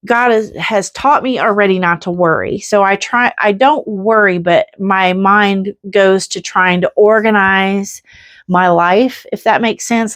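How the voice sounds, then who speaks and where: A woman's voice: fairly low pitch, dry recording, clean studio sound. A woman in her fifties chatting earnestly on a faith vlog, rambling a little with restarts. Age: 50s. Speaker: faith vlogger. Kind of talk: casual heartfelt chat.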